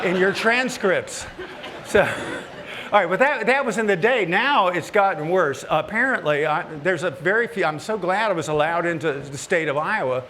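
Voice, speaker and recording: A man, a woodworking TV host, telling folksy, joking stories to a live audience, his voice climbing high when he gets worked up. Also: animated, a little fast, pushed and bright, slight background noise. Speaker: woodworking TV host giving a stage talk. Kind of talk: humorous storytelling to a live audience. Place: large hall at a woodworking event. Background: audience laughter.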